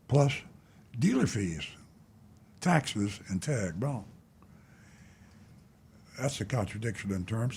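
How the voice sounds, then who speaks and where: A man's voice: lowish voice, expressive, takes it slowly, long pauses, a little mellow, slight background noise. Blunt, indignant older man hosting a talk show. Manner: blunt, indignant, rambling with many "uh" fillers. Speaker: talk show host, car dealer. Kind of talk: call-in radio-style talk show.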